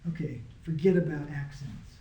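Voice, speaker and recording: A man's voice: fairly high pitch, normal speed, mellow, a little hiss or hum. A man teaching a small Greek class in a casual, patient way, often checking that his students follow. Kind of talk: informal classroom lesson. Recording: echoey room.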